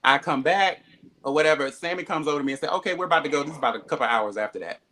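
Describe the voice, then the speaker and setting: A man's voice: on the high side, rapid-fire, pushed and bright, slight background noise. A man animatedly telling a story, acting out quoted dialogue, with frequent swearing. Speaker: reality show cast member.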